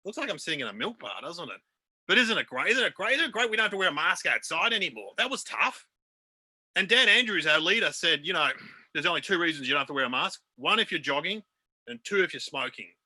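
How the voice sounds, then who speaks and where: Bright-voiced Australian man doing stand-up. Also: a little high, sing-song. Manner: chatty, self-deprecating, quick asides to the audience. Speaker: stand-up comedian. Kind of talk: stand-up comedy set on a video call. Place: home room. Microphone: video call.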